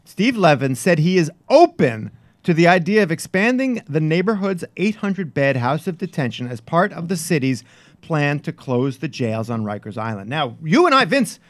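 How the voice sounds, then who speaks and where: A man co-hosting a casual news show, quizzing his partner in a teasing, animated way. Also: a little high, normal speed, dry recording. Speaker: co-host. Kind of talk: casual radio-style news quiz banter.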